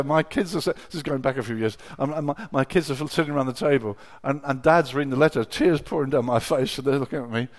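A middle-aged man preaching a sermon, telling personal stories with emotion, dropping to a hush and then rising to loud exclamations. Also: mid-range voice, quick pace, hardly any pauses. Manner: emotional, swings from hushed storytelling to loud exclamation.

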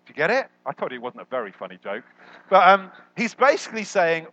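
A man preaching a sermon as a guest, animated and jokey, jumping up in pitch when he quotes people. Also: fast, no echo, highs cut off. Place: church hall.

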